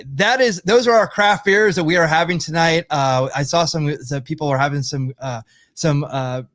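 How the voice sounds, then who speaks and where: A man's voice: on the high side, a bit bright, no echo, studio quality. A man hosting a podcast, chatting casually and stammering through his sentences. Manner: stammering, halting. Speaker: podcast host. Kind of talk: casual chat.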